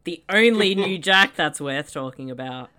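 Bright, lively woman joking through a movie. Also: on the low side, moderate pace. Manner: joking, swears freely, laughs often. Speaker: podcast co-host watching a movie. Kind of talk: casual movie commentary chat.

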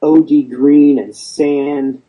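A man's voice: fairly high pitch, little pitch movement, very slow, dark tone, poor audio. A man, a veteran guest, speaking bluntly and with frequent swearing in a conversational interview. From United States. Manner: blunt and profane, storytelling.

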